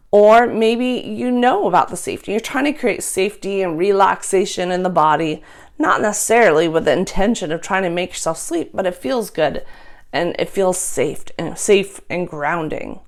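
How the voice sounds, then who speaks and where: A young adult woman and nurse, calmly teaching a gentle sleep routine in a soft voice, speaking close to a microphone. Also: mid-range voice. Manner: calm, soft-spoken, drops to a whisper in breathing exercise.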